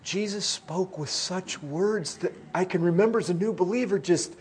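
A middle-aged man preaching a sermon in an earnest way, his voice swelling loud and then dropping to a hush. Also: high voice, normal speed, few pauses, breathy edge.

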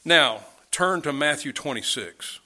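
A man's voice: a little high, lively intonation, unhurried, bright, forceful tone. A man preaching a sermon, reading scripture aloud and pressing his listeners with emphatic questions. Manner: dramatic, rising and falling delivery with emphatic questions.

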